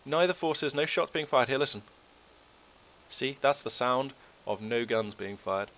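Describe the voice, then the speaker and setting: A man's voice: mid-range voice, animated, a little slow, fairly bright tone, dry recording. A man with a cold, casually commentating a strategy game in a chatty, rambling way. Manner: chatty and rambling, many fillers. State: has a cold, voice a bit low. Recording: game gunfire and artillery behind.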